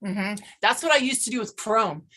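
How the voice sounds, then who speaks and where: A woman in her sixties from Northern California with an Okie-tinged accent, chatting as a guest on a video call with lively asides. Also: mid-range voice, normal speed. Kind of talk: casual video call chat.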